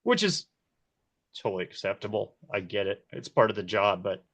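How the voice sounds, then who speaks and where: A man in his forties, a key grip, telling set stories in a casual interview, animated and quick to laugh. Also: lowish voice. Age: 40s. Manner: animated, laughs often, acts out quoted voices. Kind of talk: casual storytelling.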